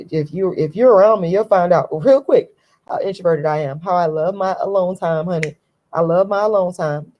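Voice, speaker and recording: Woman vlog host, lower pitch, weary voice, emphatic and repetitive. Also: poor audio. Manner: emphatic, repeats phrases for stress; talking from a relaxed, laid-back position. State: voice tired from talking all day. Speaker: channel host. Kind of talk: casual opinion vlog.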